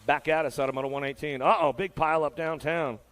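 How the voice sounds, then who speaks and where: Race announcer, man, somewhat high voice, quick slangy play-by-play, hyped but easygoing. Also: fairly even intonation, a bit bright. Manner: hyped, laid-back slang-filled patter. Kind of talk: live play-by-play commentary.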